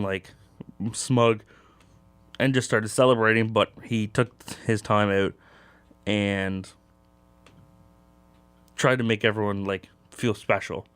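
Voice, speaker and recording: A man's voice: on the low side, fairly bright tone, clean tone, dry recording. A young man hosting a casual sports talk show, rambling with lots of fillers. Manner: loose and rambling, many fillers.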